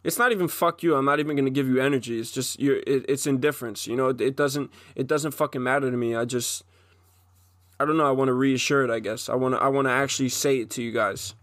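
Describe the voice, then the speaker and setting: A man's voice: medium pitch, steady tone, fast, fairly bright tone, no echo, clean studio sound. A man in his twenties gives an intense, profane solo monologue as a podcast host, often restarting his sentences.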